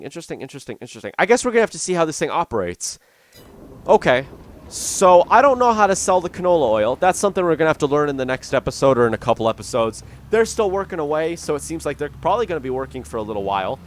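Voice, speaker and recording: A young man talking casually over a farming game, thinking aloud with lots of ums and restarts. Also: fairly high pitch. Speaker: gaming YouTuber. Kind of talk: casual let's-play commentary.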